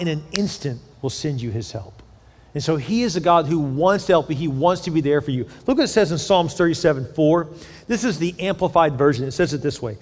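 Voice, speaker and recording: High-voiced preaching man in echoing hall. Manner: animated, conversational preaching with quick asides. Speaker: pastor. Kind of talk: sermon. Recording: long hall reverb.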